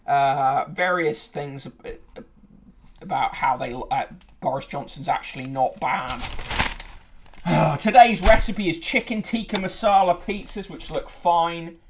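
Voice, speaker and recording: A man's voice: fairly high pitch, measured pace, slight background noise. A man hosting a podcast, reviewing newspapers casually with sardonic, sweary asides.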